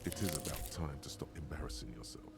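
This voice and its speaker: A man putting on a very deep mocking inner voice. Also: fast, creaky. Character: sardonic male inner voice narrating thoughts. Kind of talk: game narration read aloud on stream.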